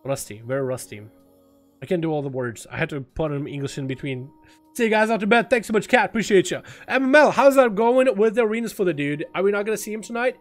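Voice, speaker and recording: A man from Russia chatting casually on a game livestream, excitable and swearing, swinging from quiet mumbles to loud bursts. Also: high voice, fast talker, faint music behind. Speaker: game streamer. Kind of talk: casual gaming livestream chat.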